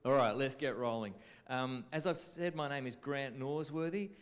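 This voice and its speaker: A man's voice: medium pitch, normal speed, clean tone. A man with an Australian accent presenting a conference class in a chatty, informal way, often turning to the audience with questions. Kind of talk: informal teaching talk. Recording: reverberant hall sound.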